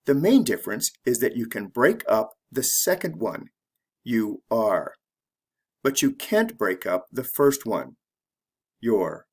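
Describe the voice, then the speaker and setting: Slow, measured man teaching pronunciation. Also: medium pitch, very animated, slightly rough. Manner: measured, deliberate, careful pronunciation drills. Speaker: English teacher. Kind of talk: slow scripted lesson narration.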